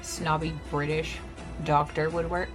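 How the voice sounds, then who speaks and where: A woman's voice: sits low, little pitch movement, a little slow, over music. A woman chiming in off-mic with brief, agreeable suggestions.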